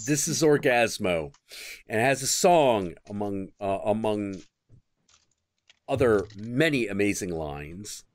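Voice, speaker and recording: Man, stream host, unhurried delivery, swooping pitch, dry close sound. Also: no echo. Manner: animated, crude storytelling with bursts of acted quotes. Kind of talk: casual chat.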